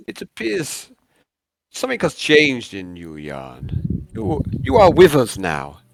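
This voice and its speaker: A man voicing a solemn, slow-speaking male cult leader with a put-on accent. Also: medium pitch, wildly swooping pitch, vocal fry, heavily acted.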